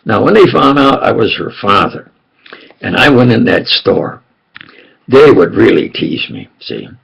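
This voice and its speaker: A man's voice: lowish voice, big pitch swings, measured pace, creaky, a bit bright, breathy edge, low-quality recording. An older man telling rambling, jokey personal stories and often asking if you understand. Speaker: self-styled preacher.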